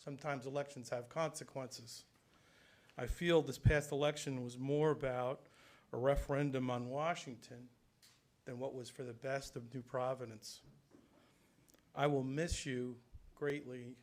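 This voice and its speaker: A man of ordinary pitch addresses his fellow council members at a public meeting. His farewell remarks are earnest and conversational, loose and unscripted. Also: fairly even intonation, a little slow.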